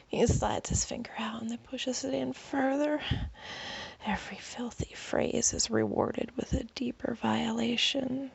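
A woman with a breathy, husky whisper, narrating a first-person story as whispered role-play. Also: fairly high pitch, moderate pace, no echo, dull audio.

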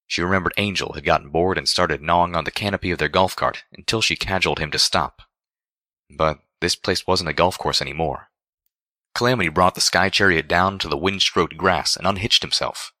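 A man narrating a fan fiction story aloud in a steady reading voice. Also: sits low, dry recording, clean studio sound.

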